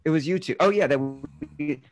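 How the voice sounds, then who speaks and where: A man's voice: on the high side, brisk. A man hosting an interview show, asking questions in a casual chat over a video call. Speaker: show host.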